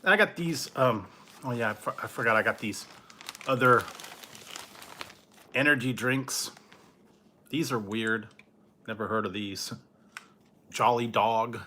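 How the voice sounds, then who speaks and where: A man's voice: mid-range voice, pushed and bright. A man reviewing snacks in a laid-back, casual way, chuckling often and trailing off mid-sentence. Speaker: food review vlogger.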